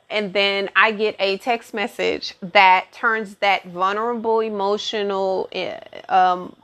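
A woman's voice: mid-range voice, fairly bright tone. A woman with an ordinary mid-range voice talks through astrology in a loose, personal monologue. She is earnest and emphatic, leaning on repeated phrases and lists to drive her points home. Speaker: astrology talk host. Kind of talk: casual spoken monologue.

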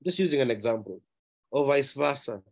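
A man's voice: lively intonation, fairly quick. Emphatic preacher man, repeated questions. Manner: emphatic, repeats key phrases and rhetorical questions; rising in pitch and loudness on key words. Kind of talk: sermon.

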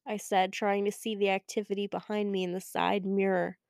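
A young woman narrating a first-person audiobook with a wry, expressive way of telling the story. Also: medium pitch, fairly quick, no room sound, clean studio sound. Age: young adult. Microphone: close studio mic.

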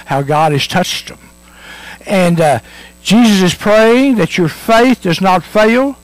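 Male preacher, high animated voice, dry sound, earnest repetitive sermon delivery. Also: no echo, low-quality recording. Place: church.

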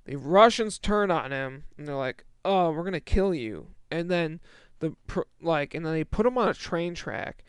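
Exasperated high-voiced young man ranting. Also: expressive, moderate pace, smooth, no room sound, studio quality. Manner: exasperated, profane, rambling with many restarts. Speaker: movie reviewer. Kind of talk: casual rant.

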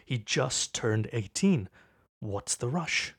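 A man with a British accent, co-hosting a football podcast in casual chat, quick and argumentative. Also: medium pitch, expressive, husky. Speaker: podcast co-host.

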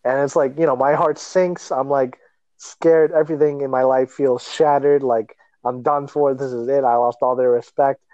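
A man's voice: mid-range voice, normal speed, dry recording, lo-fi sound. A young man co-hosting a podcast, telling a story in casual chat, laughing often and acting out the people in it. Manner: animated storyteller, laughs often, acts out voices. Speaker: podcast co-host.

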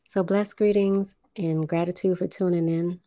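A woman hosting a spiritual livestream, speaking deliberately, enunciating carefully and guiding listeners through breathing. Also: on the low side, fairly even intonation, warm tone, dry recording, studio quality. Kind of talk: slow spiritual livestream talk.

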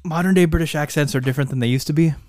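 A man's voice: a little high, rapid-fire, mellow, no echo, clean studio sound. A man co-hosting a casual podcast, joking around and laughing often. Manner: laughs often, playful, tries goofy impressions. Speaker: podcast co-host. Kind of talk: casual banter.

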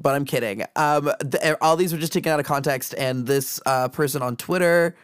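A man's voice: medium pitch, normal speed, few pauses, smooth, dry recording. A man co-hosting a podcast in a loose, joking way, trailing off and starting his sentences over. His voice sits in a middle register and sounds close and dry, with no room around it. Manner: joking, rambling with restarts. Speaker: podcast co-host. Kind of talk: casual chat.

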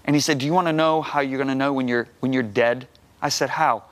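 A middle-aged man, a guest minister, telling a personal testimony on a talk show, acting out the dialogue and rising loud when emphatic. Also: medium pitch, fairly even intonation, fast. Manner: acts out quoted dialogue.

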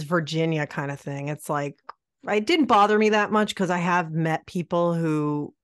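A woman's voice: fairly low pitch, dry recording, studio quality. A woman co-hosting a podcast, chatting casually and sarcastically about an old film. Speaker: podcast co-host.

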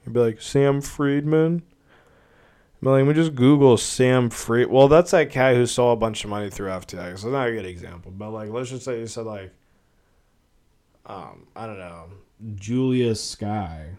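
A man's voice: on the low side, normal speed, a little mellow. A young man hosting a casual solo podcast, rambling and swearing, full of filler words. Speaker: podcast host.

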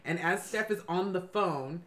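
A woman co-hosting a casual chat, telling a story in an animated, slangy way with frequent laughter. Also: fairly low pitch, a little slow, noisy background.

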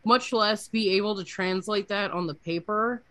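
A woman co-hosting a podcast in casual chat, animated and profane with quick asides. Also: medium pitch, no echo. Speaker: podcast co-host.

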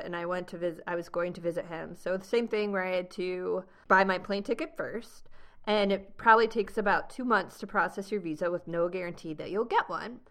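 A young American woman hosting a travel podcast, telling a story in a lively, laughing way. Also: medium pitch. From United States. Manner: animated storyteller, laughs often. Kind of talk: casual storytelling chat.

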